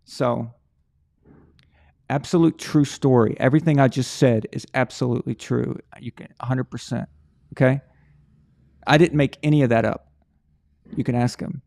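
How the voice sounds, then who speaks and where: A man's voice: mid-range voice, steady tone, normal speed, vocal fry, pauses often, mellow. A man hosting a live sports talk stream, thinking aloud in a rambling way with many restarts and repeated words. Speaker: live show host. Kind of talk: casual sports talk livestream.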